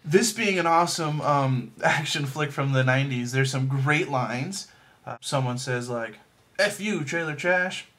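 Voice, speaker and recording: A man's voice: medium pitch, unhurried, fairly bright tone. A man casually reviewing a movie, rambling with lots of fillers and restarts and making self-deprecating jokes. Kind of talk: casual chat.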